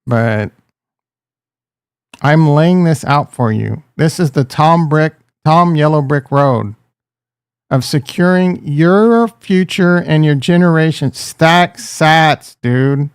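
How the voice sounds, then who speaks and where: A man's voice: on the high side, takes it slowly, clean tone, no room sound, studio quality. A man hosting a casual livestream, joking and ranting, talking straight to his chat and calling viewers bro and dude. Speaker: crypto livestream host.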